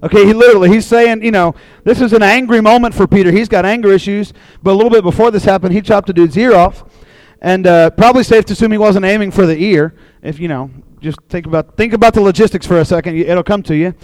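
High-voiced chatty preacher man. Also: fast talker, no echo, low-quality recording. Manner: chatty and animated, acting out voices in quotes. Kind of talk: casual sermon retelling a Bible story. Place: room with a live audience.

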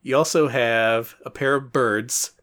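A man's voice: medium pitch, steady tone, unhurried, a bit bright. A man co-hosting a casual podcast about retro games, explaining things in a wry, chatty way and laughing often. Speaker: podcast co-host.

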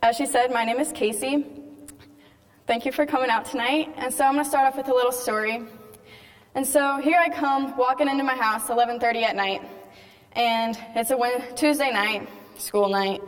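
A teenage girl tells her faith story to an audience in a casual, chatty way, acting out the lines of the people in it. Her voice sits a little high. It rings out with the long reverb of a big hall. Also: steady tone, normal speed. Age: teens. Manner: chatty storytelling, acts out quoted dialogue. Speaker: speaker giving a faith testimony. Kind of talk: personal testimony talk to an audience.

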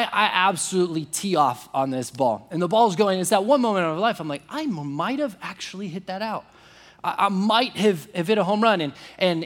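A man preaching a sermon, telling a personal story in an animated, self-deprecating way, full of quick restarts. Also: high-pitched. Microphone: online service broadcast.

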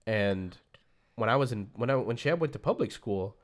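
A man's voice: on the low side, moderate pace. A man hosting a podcast in casual chat, teasing and joking with his co-hosts. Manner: playful teasing, lively delivery. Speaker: podcast host.

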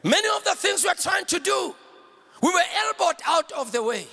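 A male pastor preaches with fire, shouting lines and pulling call-and-response from the crowd. His voice sits very high with a sharp, forceful edge. It is recorded with the long echo of a big hall. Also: very animated, moderate pace, vocal fry. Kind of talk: sermon.

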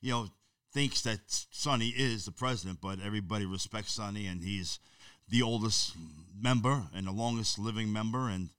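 A man's voice: lowish voice, normal speed, a bit bright, smooth, no echo, far from the mic. A man, telling stories bluntly and emphatically as a guest in a casual chat.

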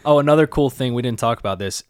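A man's voice: mid-range voice, fast talker, darkish tone, clear, resonant tone, dry recording. A man co-hosting a casual podcast, reacting to anime scenes with slangy enthusiasm. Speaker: podcast co-host. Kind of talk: casual anime recap chat.

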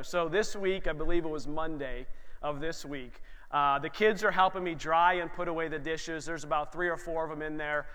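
Pastor, 30s, higher voice, lively storytelling sermon, echoing sanctuary. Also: male voice. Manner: animated storytelling, asks the room for amens. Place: church sanctuary. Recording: long hall reverb.

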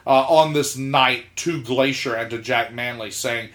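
A man's voice: mid-range voice, a little slow, hardly any pauses. A man from South Georgia, a podcast co-host, telling a story in casual chat, laughing as he talks and acting out the lines of people in it. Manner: animated, laughs mid-sentence, acts out quotes.

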